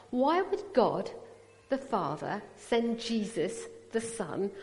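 A woman's voice: fairly high pitch, a little mellow. Earnest woman preaching in a reverberant hall. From raised Sikh. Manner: earnest, personal, with quick apologetic asides. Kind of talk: sermon testimony.

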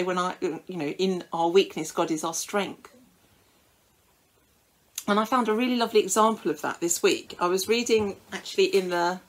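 A woman's voice: on the low side, poor audio. A woman preaching a sermon in a conversational storytelling way, with frequent fillers.

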